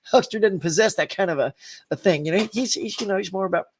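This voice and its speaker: A man's voice: sits high, quick pace, a little hiss or hum. A man hosting a live stream, chatting casually, laughing often and greeting viewers by name as he reads their comments. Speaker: host of a live stream show.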